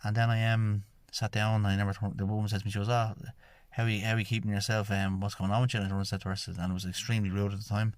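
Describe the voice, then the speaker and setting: A lowish male voice, very fast with few pauses and little pitch movement, recorded with no room sound. He's an Irish shamanic healer and podcast host from Ireland, rambling through his own story and repeating "I says" each time he retells a conversation.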